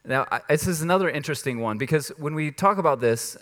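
A man's voice: fairly high pitch, lively intonation, fast, fairly bright tone. A man preaching a sermon in a church, talking in a conversational, emphatic way and laughing at himself now and then. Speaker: pastor.

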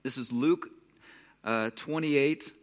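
A man's voice: medium pitch, takes it slowly. A young man preaching a conversational sermon, sometimes acting out the voices of the people in the story. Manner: conversational, acts out characters' voices. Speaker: pastor.

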